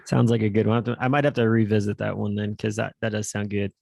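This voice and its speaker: A man's voice: on the low side, little pitch movement, fast, creaky, darkish tone, dry recording, studio quality. A man co-hosting a podcast, chatting casually and rambling with lots of fillers. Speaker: podcast co-host.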